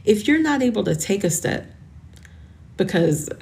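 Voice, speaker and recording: A woman's voice: mid-range voice, big pitch swings, unhurried, gravelly, a little mellow. A woman in her forties hosting a motivational podcast, talking to listeners in an earnest, encouraging way and sounding close to tears. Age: 40s. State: tearful, emotional. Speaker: podcast host.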